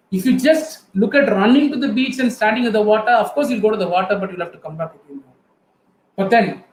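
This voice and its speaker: High-voiced Indian man, echoey room. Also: a little mellow, a little hiss or hum. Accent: Indian English. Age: middle-aged. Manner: earnest storytelling, addresses the audience directly. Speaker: guest speaker. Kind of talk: motivational talk. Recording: echoey room with faint ambience.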